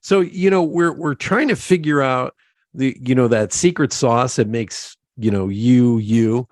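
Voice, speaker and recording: A man's voice: mid-range voice, darkish tone, dry recording, clean studio sound. A middle-aged man hosting an interview, playful and joking in easy conversation. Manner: playful, joking, quick to laugh. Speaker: podcast host. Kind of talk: casual interview chat.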